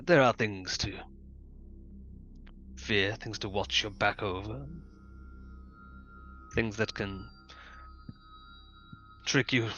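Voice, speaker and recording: A man's voice: fairly low pitch, pushed and bright, dull audio, full character voice. A man voicing a formal, faintly menacing male stranger met in the woods at night. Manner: formal, measured, faintly ominous.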